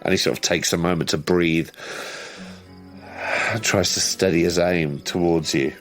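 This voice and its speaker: A man's voice: deep voice, fairly even intonation, moderate pace, a bit bright, soft background music. A man narrating as game master of a tabletop horror game, casual and hesitant with many restarts.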